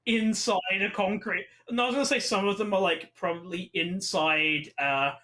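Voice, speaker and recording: A man's voice: high voice, fairly even intonation, moderate pace, pushed and bright. A British man joining a casual podcast chat, dry and teasing with ironic jokes. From Britain.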